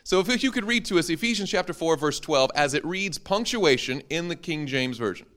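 A man's voice: on the high side, animated, fairly quick, a bit bright. A man, a preacher, teaching an interactive Bible class to a live audience, joking and quizzing them as he goes.

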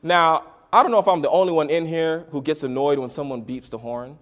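A man preaching a sermon, swinging between quiet, intimate lines and loud, dramatic bursts as he acts out a story. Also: a little high, fairly quick. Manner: dramatic swings from soft to loud, acting out voices.

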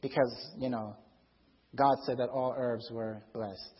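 A man preaching a testimony sermon to a congregation in a church. He tells his story as an animated storyteller who acts out voices and shouts for emphasis. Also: mid-range voice, a little slow, long reverb tail, muffled recording. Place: church before a live congregation.

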